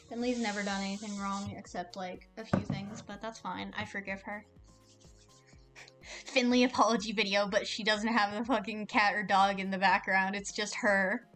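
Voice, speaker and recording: A woman's voice: mid-range voice, fairly even intonation, fairly bright tone, faint music behind. A woman streamer chatting casually and jokingly while reading a visual novel aloud. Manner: rambling, joking, fast with fillers.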